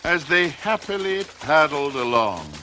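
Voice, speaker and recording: Guy reading a kids storybook out loud, slow and super expressive, lots of ups and downs. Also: a little high, noisy background. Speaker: storybook reader. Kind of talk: scripted storybook narration.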